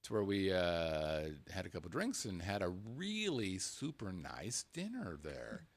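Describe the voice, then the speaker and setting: A male podcast host with a low voice that moves up and down a lot as he talks. He chats casually, rambling and tripping over his own words. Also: big pitch swings, measured pace. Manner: rambling, stumbles and repeats words. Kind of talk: casual talk show chat.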